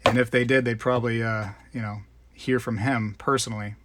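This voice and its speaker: A man's voice: medium pitch, steady tone, a little fast, background noise. A man hosting a live stream in casual, rambling chat, greeting viewers by name. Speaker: livestream host.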